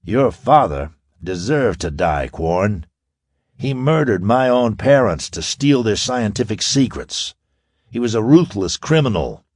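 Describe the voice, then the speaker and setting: A man playing a calm, brilliant young space hero in a pulp audiobook, speaking with cool assurance. The voice is deep with a lively lift. It is recorded close and dry. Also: a little slow, dry recording. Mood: contemptuous.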